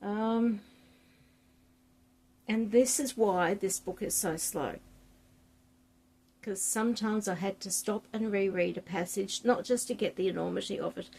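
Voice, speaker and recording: Aussie woman, book vlogger, keen and chatty when reading aloud; mellow, gravelly, breathy voice. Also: mid-range voice, a little slow, pauses often. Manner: enthusiastic, chatty, reads passages with relish.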